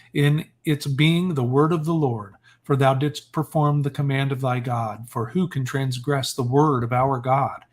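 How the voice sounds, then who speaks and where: A man's voice: medium pitch, natural voice. A grieving old mother, read out by a man. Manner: mournful, lamenting, archaic speech. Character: grieving aged mother lamenting her son.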